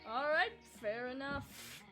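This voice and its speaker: A woman's voice: sits high, expressive, takes it slowly, bright, forceful tone, faint music behind. A woman streaming a dating game with friends, talking casually and hesitantly with many fillers. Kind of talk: casual gaming chat.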